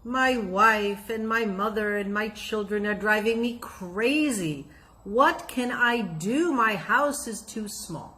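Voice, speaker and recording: A woman's voice: mid-range voice, slow, pushed and bright. A woman storyteller voicing a poor, harried man who pleads in exasperation. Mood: desperate.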